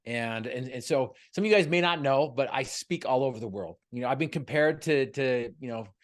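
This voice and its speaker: A man's voice: medium pitch, brisk. A man giving a motivational talk as a guest speaker on a video call, joking and telling stories in an earnest, upbeat way.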